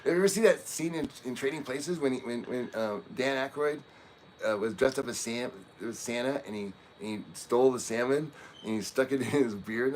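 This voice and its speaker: A man's voice: mid-range voice, slight background noise. A middle-aged man from Oregon, hosting a livestream and telling personal family stories in a casual, rambling way, chuckling through heavy topics. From Oregon, USA. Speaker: livestream host.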